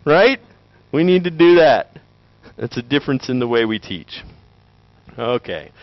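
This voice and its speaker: A man lecturing with jokes, his pitch jumping around as he acts out little voices. The sound is dull and lo-fi, and the space is dry, with no echo. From Tennessee. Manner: animated, joking, acts out quick voices. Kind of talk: lively conference talk.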